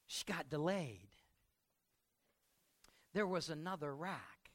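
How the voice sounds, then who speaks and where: Middle-aged guy pastor preaching, high voice, bright and sharp, storytelling with loud bursts and quiet bits. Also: normal speed, long pauses. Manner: animated storytelling, swings from loud outbursts to quiet reflection. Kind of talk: sermon.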